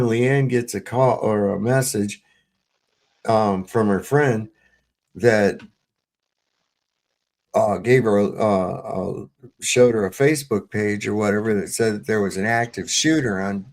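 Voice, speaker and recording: Host, male, gravelly voice, profane rambling storyteller on a home live stream. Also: on the low side, takes it slowly, pauses often. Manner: profane, rambling, with many fillers and restarts. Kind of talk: casual storytelling to a live panel.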